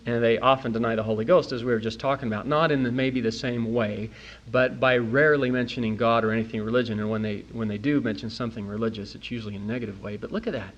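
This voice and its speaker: A man's voice: medium pitch, fast, muffled recording. A man giving a recorded church talk to an audience, telling stories and acting out the people he quotes. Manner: animated storyteller, quotes people in funny voices. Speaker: speaker at a church youth talk.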